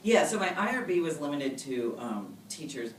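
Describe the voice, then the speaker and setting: A woman in her thirties being interviewed about her research, talking casually and quickly, full of fillers and acted-out quotes. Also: low-pitched, very animated. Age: 30s. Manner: chatty, fast, full of fillers and quoted dialogue. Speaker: researcher guest. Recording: roomy audio, mic a bit distant, faint noise.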